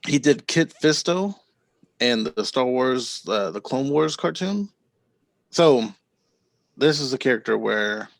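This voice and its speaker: A man's voice: mid-range voice, no room sound. A man co-hosting a podcast, telling stories in a rambling, laughing way. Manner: rambling storyteller, quick to laugh. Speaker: podcast co-host. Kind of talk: casual podcast chat.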